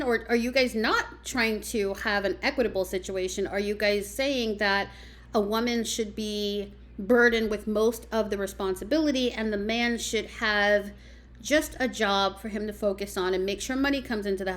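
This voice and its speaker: A woman speaks in a measured, even tone, addressing men with pointed questions. She lays out her points as long lists, one item after another. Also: a little high. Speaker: commentary host. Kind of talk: reaction commentary.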